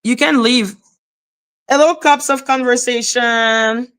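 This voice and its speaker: A woman's voice: a little high, fairly even intonation, slow, fairly bright tone, smooth. A woman hosting a live stream, talking to her chat in a confrontational, scolding way. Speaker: livestream host.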